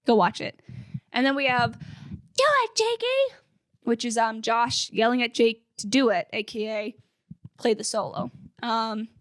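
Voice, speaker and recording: A woman's voice: fairly high pitch, steady tone, moderate pace, dry recording, studio quality. A young woman hosting a fan podcast, chatting casually and upbeat with lots of filler words. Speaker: podcast host.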